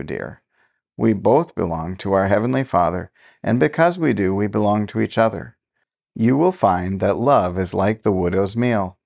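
A man voicing a young pastor who speaks gently and earnestly to his wife. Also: lowish voice, vocal fry.

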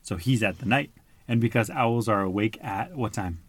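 A man's voice: fairly low pitch, moderate pace. A man reading a picture book aloud to a child, patiently stopping to explain words and ask questions. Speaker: storybook reader.

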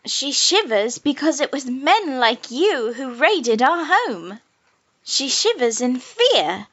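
A woman's voice: high-pitched, sing-song, slow pace, a bit bright, husky, heavily acted. An actress playing a proud, defiant young woman in an audio drama. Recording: dull lo-fi recording.

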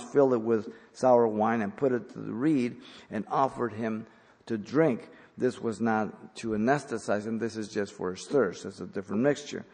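A man preaching an expository sermon, swinging between emphatic, louder passages and quiet, low stretches. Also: gravelly, slightly rough. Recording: long hall reverb.

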